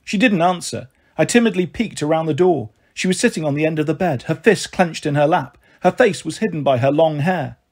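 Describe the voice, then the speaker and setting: A man reads a children's novel aloud in a steady first-person narration. His voice sits a little high for a man and has a husky edge. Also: fairly quick, hardly any pauses. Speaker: storyteller. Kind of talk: storybook reading.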